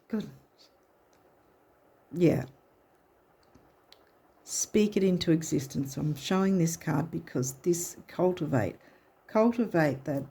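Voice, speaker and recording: A woman's voice: deep voice, mellow, slightly rough. A woman giving a casual tarot reading, chatty and encouraging, often restarting her sentences. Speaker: tarot and astrology reader.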